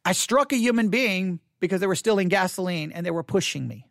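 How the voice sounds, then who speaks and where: A man's voice: high-pitched, animated, fairly quick, gravelly, dry recording, studio quality. A middle-aged man preaching a sermon, telling a personal story candidly and repeating himself for emphasis.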